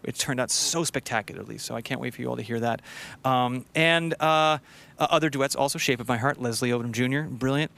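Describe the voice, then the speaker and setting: A man's voice: medium pitch, fairly quick, creaky, a bit bright. A man, a singer hosting a livestream concert, chatting casually and enthusiastically between songs. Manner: chatty and enthusiastic, rambling asides.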